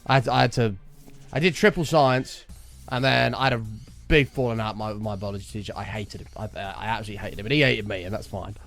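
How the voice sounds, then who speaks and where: A man's voice: on the low side, fast talker, gravelly, fairly bright tone, soft background music. Chatty man streaming a game. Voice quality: chatty, rambling, sweary storytelling. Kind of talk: casual gameplay chat.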